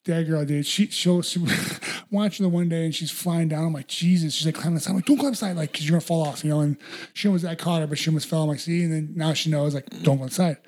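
Fast, higher-pitched young podcast host, loose rambling storyteller. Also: male voice, fairly even intonation, darkish tone. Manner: rambling storyteller, heavy on "dude" and "like". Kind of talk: casual podcast chat.

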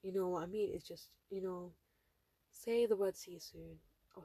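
Warm and fairly low with a breathy edge, this teenage girl's voice moves at a moderate pace on a recording with no room sound. At seventeen, she runs her own podcast, rambling casually through a solo chat full of fillers.

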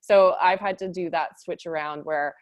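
A woman's voice: fairly low pitch, steady tone, moderate pace, dry recording. A woman in her thirties hosting a conversational interview, earnest and reflective, laughing easily. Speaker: podcast host.

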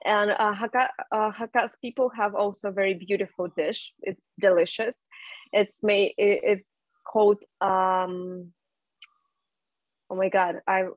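A young woman from Russia, speaking English as an in a casual interview, halting with many fillers and restarts. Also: mid-range voice, steady tone, no room sound, lo-fi sound. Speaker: guest.

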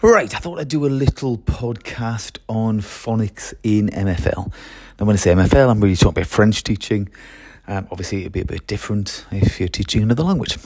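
A man's voice: lowish voice, fairly quick, a little mellow, no room sound. A man who teaches French, talking through his methods in a chatty solo podcast, with fillers and restarts.

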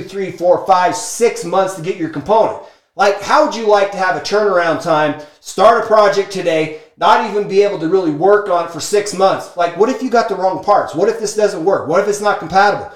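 A man telling a business story in an energetic, emphatic monologue, peppering his talk with "like" and "okay?". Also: high voice, moderate pace. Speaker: speaker sharing business lessons from a book. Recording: echoey room.

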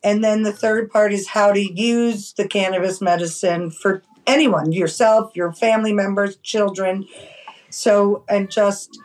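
A woman from New York City, a guest in a casual interview, talking fast and emphatically about her work. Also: medium pitch, steady tone, a little mellow, poor audio. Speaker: guest, cannabis medicine grower.

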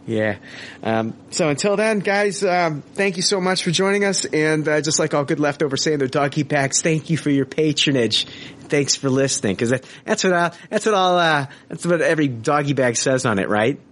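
A man's voice: fairly high pitch, lively intonation, moderate pace, fairly bright tone. Rambling, foul-mouthed male podcast host. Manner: rambling, profane, self-mocking. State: injured leg, in a splint. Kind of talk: casual podcast sign-off.

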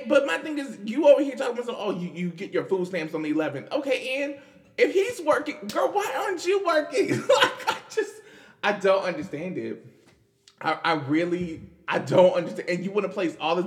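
High, lively man laughing through commentary. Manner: animated, laughs often, repeats "girl" and "like". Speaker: podcast host. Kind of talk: casual commentary.

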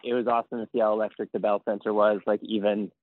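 Laughing guest on a tinny line. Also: male voice, on the low side, little pitch movement, quick pace, no room sound. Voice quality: tinny, grainy audio. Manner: laughs often, loose and jokey. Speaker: podcast guest. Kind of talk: casual chat. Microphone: remote call line. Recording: tinny phone-like remote call.

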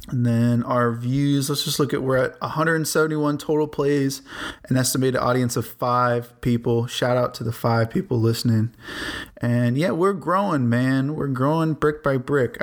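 A young man, a college student, hosting his own solo podcast in a rambling, laid-back way, with casual swearing. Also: mid-range voice. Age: young adult. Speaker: podcast host.

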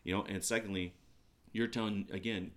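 A man's voice: fairly low pitch, fairly even intonation, a little fast, fairly bright tone. A man co-hosting a casual faith podcast, talking earnestly and rambling with many restarts. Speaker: podcast co-host.

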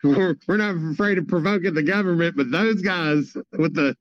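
A man who jokes and teases his way through casual banter, swearing freely. His voice is a bit higher than most men's. The sound is dull and dry, as if on a remote mic. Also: moderate pace, dry recording. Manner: joking, teasing, profane.

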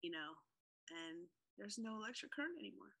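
Bright-voiced chatty woman co-host. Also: medium pitch, expressive, fairly quick, gravelly. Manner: chatty, laughs often, many fillers. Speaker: podcast co-host. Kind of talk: casual chat.

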